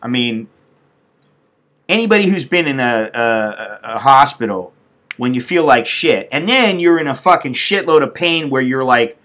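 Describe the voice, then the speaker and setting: A man's voice: medium pitch, animated, normal speed, fairly bright tone. A middle-aged man from the United States on a casual live stream, blunt, profane and venting. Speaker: expat vlogger.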